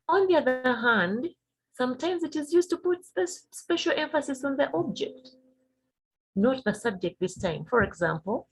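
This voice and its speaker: A woman from Uganda teaching a grammar lesson, patiently repeating each example sentence slowly. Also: fairly high pitch, slightly rough, rough recording. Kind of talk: recorded classroom grammar lesson.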